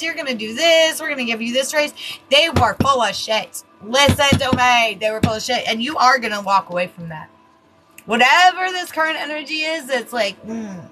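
Woman, tarot reader, bright and higher-pitched, chatty, curses a lot, light background hiss. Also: rough recording. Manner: chatty, swears freely, laughs at herself. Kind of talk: casual card reading.

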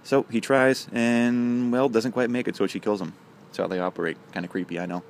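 A man's voice: medium pitch, fairly even intonation, fairly quick, a little hiss or hum. A man casually telling a long joke on his channel, rambling with many fillers. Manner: rambling, filler-heavy delivery.

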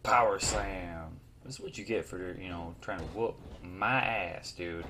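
A man giving casual, joking let's play commentary, reacting excitedly to the game and trash-talking his opponent. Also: sits low, a little slow, background noise. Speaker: gaming YouTuber.

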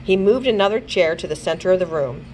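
Librarian woman reading aloud to kids; lively, expressive delivery with a faint room hiss. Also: lowish voice, low-quality recording. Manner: lively, expressive storytelling with character voices; pauses to check pronunciation of words. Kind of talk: children's read-along narration.

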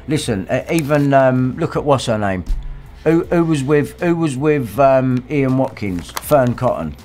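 A man's voice: medium pitch, a little mellow. A man hosting a livestream, ranting angrily in a profane, abusive way. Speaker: livestream host. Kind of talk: casual rant.

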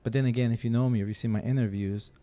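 A man's voice: mid-range voice, fairly even intonation, rapid-fire, dark tone. A man, a guest on a podcast, telling rambling, joking stories in casual chat with lots of fillers and restarts. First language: Spanish. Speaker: podcast guest, rock photographer and interviewer.

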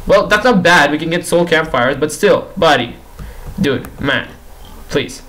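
A man's voice: on the high side, expressive, measured pace, a bit bright, a little hiss or hum, poor audio. A young man giving casual commentary while playing a game, pleading with and teasing the characters on screen and repeating himself in exasperation. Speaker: gaming YouTuber.

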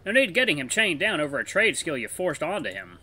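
A man's voice: fairly high pitch, sing-song, brisk, bright, forceful tone, voice pushed up, exaggerated voice. A man voicing a jovial, sly older male wolf merchant who teases and laughs heartily. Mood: teasing.

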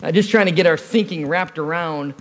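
A man's voice: on the high side, a little fast, fairly bright tone, long reverb tail. A man preaching a sermon at a church service, telling a personal story in a conversational way with touches of humor.

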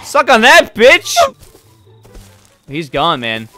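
A young man giving casual commentary while playing a video game, excitable and quick to yell and taunt the animals he fights. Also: high-pitched, music in the background. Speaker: gameplay commentator. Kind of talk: casual let's-play commentary.

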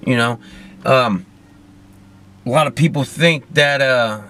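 A man's voice: medium pitch, slow, pauses often, fairly bright tone, soft background music. A man hosting a podcast, ranting alone from his car, drinking and rambling with lots of swearing and jokes at his own expense. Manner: rambling, profane, self-mocking. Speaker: podcast host. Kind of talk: casual solo rant.

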